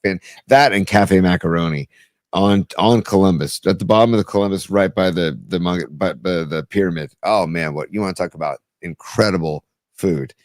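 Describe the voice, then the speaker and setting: A man with a low voice co-hosts a casual podcast and rambles as he talks. He often restarts his sentences and circles back. The sound is dry and close. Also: normal speed, dry recording. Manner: rambling, many restarts and fillers. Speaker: podcast co-host. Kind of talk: casual chat.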